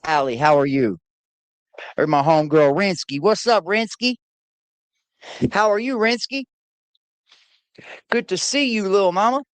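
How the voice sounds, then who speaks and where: A woman's voice: medium pitch, measured pace, pauses often, no echo. A woman hosting a casual livestream, playfully greeting chatters by name one after another on a laptop mic. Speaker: livestream host.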